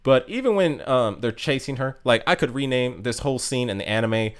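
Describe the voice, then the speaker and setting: A man's voice: medium pitch, expressive, brisk, clean tone. A man casually talking through a game character ranking, rambling with many fillers and restarts. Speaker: game guide youtuber.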